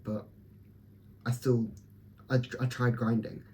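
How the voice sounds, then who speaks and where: A man's voice: medium pitch, flat delivery, takes it slowly, a little mellow, a little hiss or hum. A young man talking candidly to camera in a personal vlog, blunt and swearing as he gives himself and his viewers a pep talk. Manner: blunt, profane, self-motivating pep talk. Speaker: vlogger.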